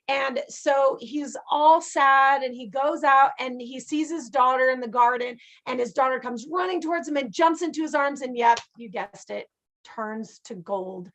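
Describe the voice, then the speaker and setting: A woman with a high, bright-sounding voice leads a casual class on abundance. She talks in a loose, animated way, often checking in with her listeners as she tells stories. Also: normal speed. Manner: chatty, animated storytelling with frequent "right?". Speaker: abundance teacher. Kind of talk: casual teaching talk.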